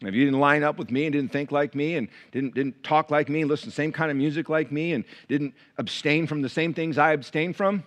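A middle-aged man preaching a sermon as pastor, animated and storytelling, swinging between loud bursts and hushed asides. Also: on the high side, brisk, few pauses.

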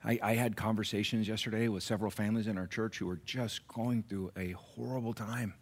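A pastor delivers his sermon in a church with a somewhat low male voice. He speaks earnestly and personally, pushing some phrases out with force and dropping others to a near-whisper. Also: steady tone, brisk, vocal fry. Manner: earnest, shifts from raised emphasis to hushed near-whispers. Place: church sanctuary.

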